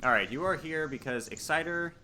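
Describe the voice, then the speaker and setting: A man narrating and hosting a tabletop horror game as game master, in a relaxed, conversational way. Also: fairly high pitch, brisk, slight background noise.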